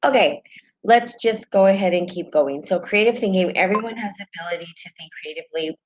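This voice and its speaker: A woman's voice: mid-range voice, fairly quick, lo-fi sound. A woman from New Mexico with a New Mexican accent, hosting a casual spiritual live stream, reading from a book and greeting viewers mid-sentence with lots of ums.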